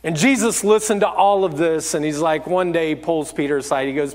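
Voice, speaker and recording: A man's voice: fairly high pitch, fairly quick, few pauses. A man giving a sermon as lead pastor, telling stories in a candid, self-deprecating way. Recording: long hall reverb.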